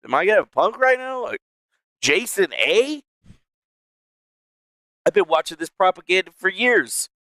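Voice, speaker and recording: A man's voice: high-pitched, expressive, brisk, pushed and bright, no room sound. A man live-streaming from a small room at home, rambling casually with lots of swearing and laughing to his chat. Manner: rambling, profane, laughs a lot.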